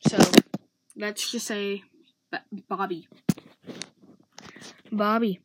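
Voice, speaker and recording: A woman's voice: mid-range voice, fairly even intonation, moderate pace, very noisy. A woman hosting a show, talking through friendship advice in an earnest, casual way with frequent restarts. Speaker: host giving friendship advice.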